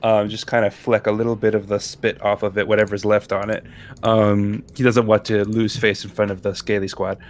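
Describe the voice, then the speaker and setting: A man at a tabletop game talks in character with courteous, formal wording. He often pauses on fillers, and his voice sits a little low. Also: flat delivery. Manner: polite, formal phrasing with hesitant fillers. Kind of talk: in-character role-play chat.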